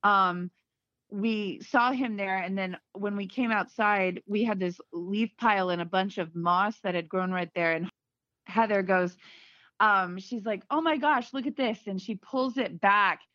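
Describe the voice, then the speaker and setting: A woman, a guest on a podcast, telling a story in a casual, lively way and acting out the voices of others. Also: mid-range voice, unhurried, dry recording. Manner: lively, acts out quoted voices. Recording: dull, dry podcast audio.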